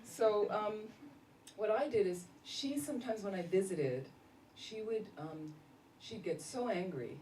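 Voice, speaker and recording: A woman, a Buddhist nun, giving a casual dharma talk full of lively stories and laughter. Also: medium pitch, measured pace. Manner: animated storytelling, laughing often. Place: meditation center hall. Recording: roomy echo, distant mic, faint noise.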